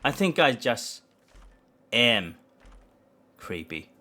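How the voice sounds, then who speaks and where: A man's voice: medium pitch, very animated, extremely slow, pushed and bright. A man streaming a video game live, chatting with viewers in a hesitant, rambling, self-mocking way. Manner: rambling, hesitant, many restarts. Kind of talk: live gameplay commentary with chat.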